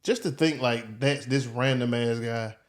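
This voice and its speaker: A man's voice: medium pitch, unhurried. A man in casual chat as a podcast guest, reacting to and egging on the host. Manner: reactive, interjects and eggs on the host.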